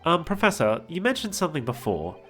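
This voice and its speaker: A woman putting on a courteous young female assistant from a story game. Her voice is high and earnest, and the pitch lifts eagerly. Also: very animated, brisk, faint music behind. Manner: polite, earnest, high and bright.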